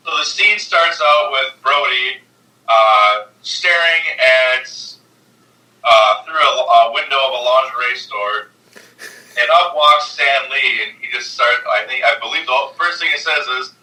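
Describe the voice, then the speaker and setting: Animated man recounting a scene. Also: unhurried. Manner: animated storyteller, acts out quotes in a high voice. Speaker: podcast guest. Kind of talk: casual chat. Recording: roomy, distant mic.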